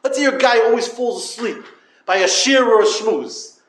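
Man giving a yeshiva talk, high-pitched, with yeshivish English full of Yiddish words and a storytelling way of addressing listeners; recorded in a roomy space. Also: moderate pace, a bit bright. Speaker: yeshiva lecturer. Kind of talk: Torah talk to yeshiva students. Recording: echoey room.

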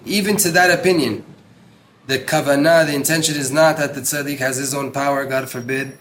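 This religious teacher's voice is on the high side, brisk and fairly bright, with a little hiss or hum in the recording. He leads a Torah class, reading aloud and translating, using Hebrew terms, and repeats words earnestly for emphasis.

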